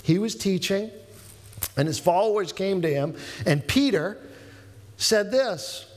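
A man's voice: high voice, lively intonation, unhurried, long reverb tail. A man preaching as a pastor in a conversational sermon, restarting his sentences often and acting out quotes in a livelier voice. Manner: conversational, self-correcting with many restarts and fillers.

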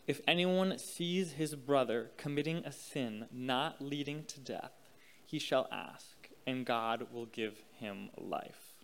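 Young man reading scripture slowly. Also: mid-range voice. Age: young adult. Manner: measured, deliberate reading. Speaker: scripture reader.

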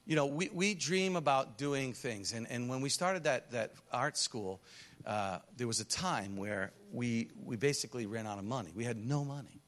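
A missionary pastor speaking to a congregation on a church stage, telling stories and acting out the voices of the people in them. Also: male voice, mid-range voice, moderate pace. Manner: animated storytelling, acts out quoted voices. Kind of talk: sermon testimony to a congregation. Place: church stage under lights.

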